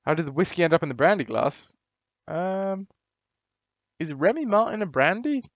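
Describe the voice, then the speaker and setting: A man's voice: high voice, expressive, normal speed, no room sound, muffled recording. A man chatting casually and rambling on his live stream from a hotel room. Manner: chatty, rambling, laid-back.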